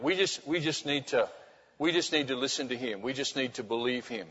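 A middle-aged man, a pastor preaching a sermon, telling a story and repeating key phrases, going soft for emphasis. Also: medium pitch, fairly quick. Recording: dull sound with long hall reverb.

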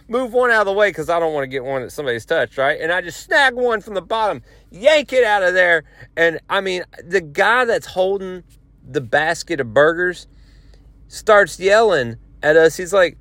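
A man with a drawl rambles through an animated story, tripping over restarts as he goes. His voice is bright and a little tense, set slightly high for a man. It is recorded dry and close, with no room sound. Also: normal speed, no echo. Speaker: podcast host. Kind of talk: casual storytelling.

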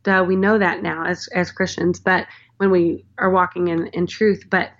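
A woman's voice: on the low side, level tone, normal speed. A woman in her thirties talking earnestly about her faith as a guest, rambling a little and saying "like" often. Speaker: podcast guest. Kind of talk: casual faith conversation. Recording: slightly dull lo-fi sound.

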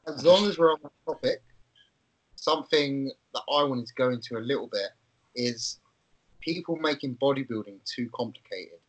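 Male podcast coach, earnest and ranting, husky. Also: medium pitch, normal speed, low-quality recording. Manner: earnest, building into rants. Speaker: bodybuilding coach. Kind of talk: casual podcast chat.

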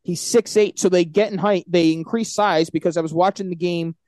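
A man's voice: high-pitched, fairly even intonation, a little fast, darkish tone, no room sound. A man co-hosting a sports podcast, talking stats and trades in loose, profane banter. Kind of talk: casual sports chat.

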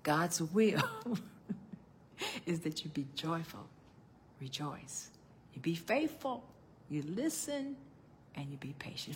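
An older woman preaching a sermon as pastor, calling out to her congregation and swinging between loud outbursts and hushed tones. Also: low voice, sing-song, slow pace, pauses often, over loud music. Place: church.

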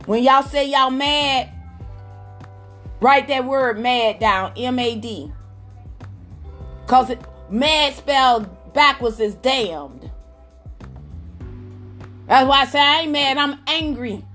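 A woman's voice: sits high, slow, long pauses, a bit bright, faint music behind. A woman preaching a fervent sermon, calling out to her listeners and exclaiming praise as she goes.

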